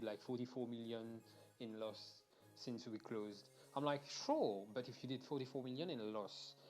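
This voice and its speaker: A man's voice: mid-range voice, darkish tone. A young man from Mauritius, ranting casually and animatedly during a game stream, swearing and restarting sentences.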